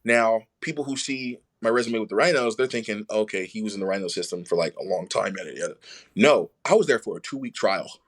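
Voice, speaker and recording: A young adult man, a podcast guest, telling his own story casually and acting out what others said in lively voices. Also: fairly low pitch, brisk.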